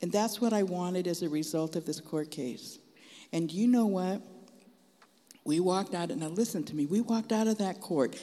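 Animated preacher man with a slightly high voice, folksy testimony, long hall echo. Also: moderate pace. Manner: animated storytelling, frank and folksy.

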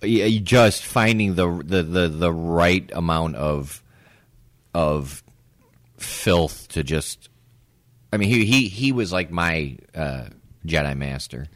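A man on a podcast telling a rowdy story in casual chat, often laughing and stumbling over his words. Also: low-pitched. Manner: animated, laughing, halting restarts. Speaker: podcast co-host.

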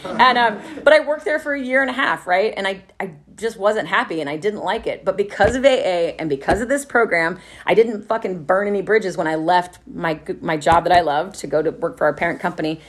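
A middle-aged woman from Texas, telling her own story at a recovery meeting in a profane, laughing, animated way. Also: mid-range voice, brisk. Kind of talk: candid personal testimony.

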